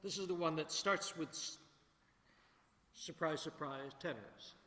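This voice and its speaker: Male choir director, unhurried, filler-heavy rehearsal talk, roomy reverberant hall. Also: a little high, a little hiss or hum. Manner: relaxed, thinking aloud with many fillers. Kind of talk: rehearsal instruction. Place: large echoey rehearsal hall. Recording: echoey hall with long reverb, faint music.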